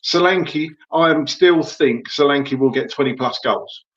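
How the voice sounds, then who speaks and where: A man's voice: fairly high pitch, unhurried, fairly bright tone, lo-fi sound. A man talking as a guest pundit in a casual football podcast chat, emphatic and frustrated, laughing between his points.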